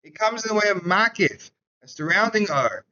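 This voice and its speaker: A man teaching a Chassidus class in a casual, animated storytelling way, saying "like" often. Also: sits high, moderate pace, muffled recording, a little hiss or hum. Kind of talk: Torah class lecture with storytelling.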